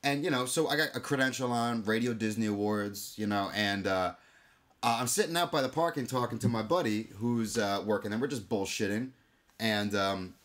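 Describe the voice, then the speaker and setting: A man's voice: on the low side, moderate pace, a bit bright. A man co-hosting a podcast in casual chat, wisecracking and cracking crude jokes. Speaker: podcast co-host.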